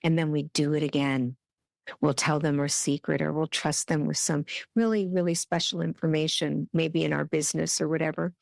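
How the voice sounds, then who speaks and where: A woman's voice: low-pitched, level tone, normal speed, creaky, a little mellow, no room sound, studio quality. A middle-aged woman hosting a podcast, giving an earnest, heartfelt spiritual self-help talk. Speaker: podcast host.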